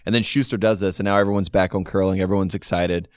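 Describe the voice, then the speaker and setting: A man's voice: low-pitched, flat delivery, fast, no echo. A man co-hosting a casual sports podcast, ranting in exasperated complaints. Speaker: podcast co-host.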